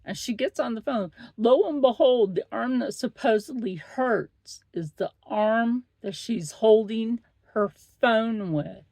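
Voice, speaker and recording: A middle-aged woman talks slowly in a chatty, blunt vlog. Her voice is gravelly with fry, and the sound is close and dry. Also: on the high side, mellow, no room sound. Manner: chatty, blunt, swears freely. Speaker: vlog host. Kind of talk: casual chat.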